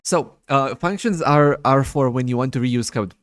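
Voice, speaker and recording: A man's voice: mid-range voice, normal speed, no echo, clean studio sound. A man tutoring programming in a casual chat, patient and prone to repeating himself.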